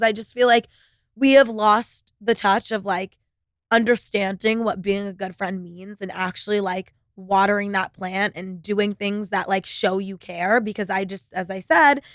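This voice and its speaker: A woman's voice: medium pitch, fairly bright tone, no echo, studio quality. Blunt, profane young woman podcaster. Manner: blunt, profane, filler-heavy with frequent "like". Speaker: podcast host. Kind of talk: casual solo podcast monologue.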